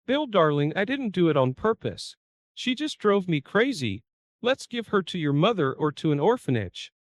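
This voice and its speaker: A man's voice: sits high, sing-song, moderate pace, no echo, studio quality. A man voicing a cruel, scheming stepmother who hisses spitefully in a storybook reading. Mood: pleading. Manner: hissing, spiteful.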